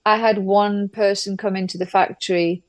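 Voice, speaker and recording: Woman from england, brisk and emphatic, middle-aged, dry close sound. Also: medium pitch, fairly even intonation, no room sound. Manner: brisk, emphatic storytelling with acted-out quotes. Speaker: interview guest, businesswoman. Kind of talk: candid conversational interview.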